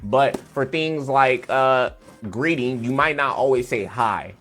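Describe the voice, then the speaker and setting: A man's voice: medium pitch, slow, fairly bright tone, soft background music. A man teaching a beginner programming lesson over his screen, explaining in a loose, chatty way with fillers and playful asides. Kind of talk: casual screen-share coding tutorial.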